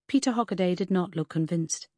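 Husky woman narrating an audiobook. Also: lowish voice, brisk, dark tone, no echo. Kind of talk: first-person audiobook narration.

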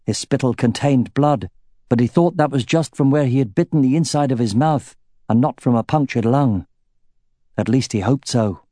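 A male audiobook narrator reading fantasy prose with measured, steady pacing. His voice sits in a mid range and sounds warm and mellow. The recording is dry and close. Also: medium pitch, no echo.

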